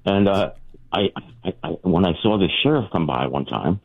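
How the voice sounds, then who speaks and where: A man phones in to a radio show and tells his story animatedly. His low voice swings widely in pitch. The sound comes through a narrow, tinny phone line. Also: lively intonation, moderate pace, gravelly. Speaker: radio caller. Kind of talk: phoned-in anecdote.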